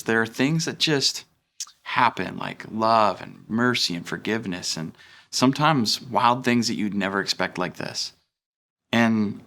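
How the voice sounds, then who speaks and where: A man's voice: fairly low pitch, fairly bright tone. A young man giving a sermon as a pastor, earnest and conversational, with frequent fillers and restarts. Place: church.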